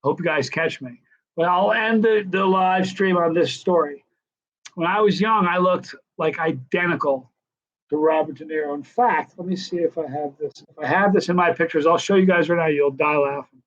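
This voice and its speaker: A man in his sixties hosting a casual live stream Q&A, telling stories in a chatty, animated way. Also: a little high, moderate pace. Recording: dull lo-fi live stream audio.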